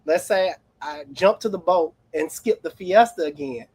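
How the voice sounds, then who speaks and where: A middle-aged man who runs an auto repair shop, chatting on a livestream as an animated, rambling storyteller with playful exclamations. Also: high-pitched, moderate pace, slightly rough, dry recording, rough recording. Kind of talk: casual livestream chat.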